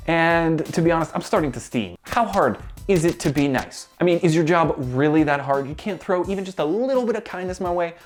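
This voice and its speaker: A man telling a comedic story in a lively, sarcastic monologue full of exasperated rants. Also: mid-range voice.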